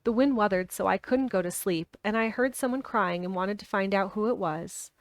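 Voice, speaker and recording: A woman's voice: medium pitch, moderate pace, no echo, lightly acted. A woman reading as a blunt curious girl. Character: blunt curious young girl, stubborn and inquisitive.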